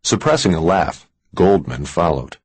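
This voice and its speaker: A man reading a thriller audiobook in a measured, expressive storytelling manner. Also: low voice, husky, no echo. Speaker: audiobook narrator. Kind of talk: scripted thriller narration.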